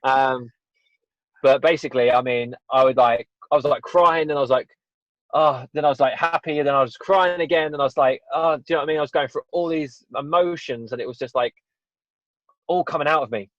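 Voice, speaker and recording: Brisk and a bit bright, his medium-pitched voice carries an earnest, rambling personal story told during a casual podcast interview. The guest is English, often says "you know" and "right?", and the podcast audio is dull and dry.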